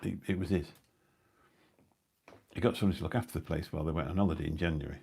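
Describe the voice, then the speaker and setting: A man's voice: very deep voice, fairly even intonation, racing, creaky, warm tone, slightly rough. A middle-aged man hosting a live stream, chatting indoors at home in a rambling, anecdotal way with dry asides. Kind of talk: casual rambling chat. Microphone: new phone or mic on a live stream.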